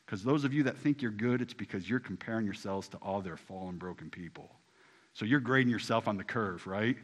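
A male pastor preaching a sermon in a bright, forward voice. He keeps his phrasing casual and talks directly to the congregation. He drops to hushed lines and then climbs to loud, rising ones. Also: mid-range voice, animated, fairly quick.

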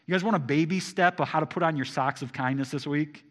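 A man preaching a sermon to a congregation, asking them rhetorical questions and swinging between loud emphasis and quiet asides. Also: on the high side, fast talker. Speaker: pastor.

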